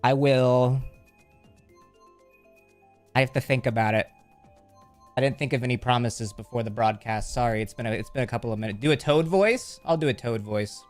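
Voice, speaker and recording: Male streamer host, casual chat, medium pitch, jokey rambling reads of chat, faint music behind. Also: normal speed, pauses often. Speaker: livestreamer.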